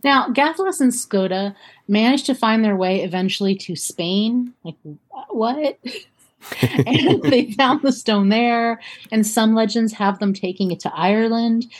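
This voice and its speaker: Husky-voiced woman telling a story. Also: on the high side, expressive, a little slow. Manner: chatty, laughs often, reads quotes aloud. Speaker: podcast co-host. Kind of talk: casual storytelling chat.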